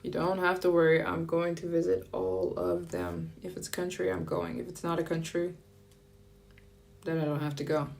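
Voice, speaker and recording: Chatty woman, gravelly low voice. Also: level tone, moderate pace, darkish tone. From United States. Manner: chatty and upbeat, with playful asides. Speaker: travel vlogger. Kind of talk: casual live-stream chat. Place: France.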